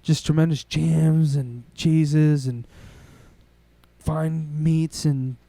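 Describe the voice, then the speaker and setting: A young man, co-hosting a podcast and telling a long story in a rambling, excitable way, swearing often. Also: fairly high pitch, drawn-out words, dry recording. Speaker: podcast co-host. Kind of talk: casual storytelling chat.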